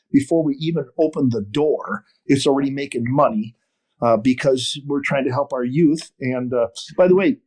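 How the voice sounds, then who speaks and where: An older man from northern Wisconsin telling a long story in an interview, animated and full of restarts. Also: a little high. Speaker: podcast guest, fishing TV host. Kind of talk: storytelling interview over a call.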